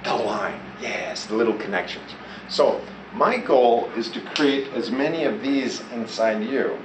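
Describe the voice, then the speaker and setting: A male teacher leads a classroom lesson, drawing answers and repetitions out of his students at an unhurried pace. He is heard from across an echoing room, with clear background noise throughout. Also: medium pitch, lively intonation. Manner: prompts students to repeat and answer. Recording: echoey classroom recorded from far off with loud background noise.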